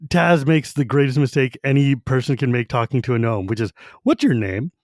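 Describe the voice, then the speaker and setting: Animated man with a dry sound. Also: medium pitch, a little fast, no echo. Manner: animated, acts out quotes. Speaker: podcast co-host. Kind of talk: casual book discussion.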